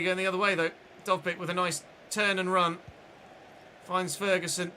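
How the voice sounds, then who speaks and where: Male streamer, sharp bright tone, slightly raised pitch, faint ambience underneath, calls the play and swears when it goes wrong. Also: a little hiss or hum. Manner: running play-by-play, swearing and frustrated outbursts. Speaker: gaming streamer. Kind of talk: live gameplay commentary.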